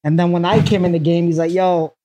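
A Brooklyn man talks as a podcast guest, relaxed and given to repeating phrases. His tone is mellow and dark rather than bright. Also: sits high, fast talker. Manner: laid-back, repeats himself. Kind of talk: casual podcast chat.

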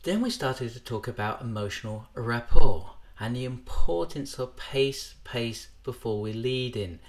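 A man of average pitch talks through parenting advice in a calm, explanatory podcast style. He sometimes acts out the voice of a parent. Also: a little slow. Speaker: podcast host, NLP trainer. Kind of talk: instructional podcast talk.

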